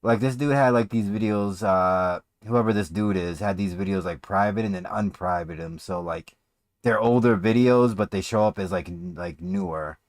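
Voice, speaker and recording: A man's voice: low-pitched, moderate pace. A man giving crude, sarcastic commentary as he reacts to a video, swearing often. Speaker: streamer reacting to a clip.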